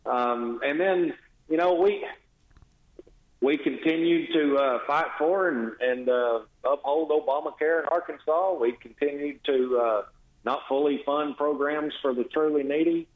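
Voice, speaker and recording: A man, a state legislator, giving a blunt, sarcastic and exasperated phone-in radio interview. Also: mid-range voice. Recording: tinny echoey phone line.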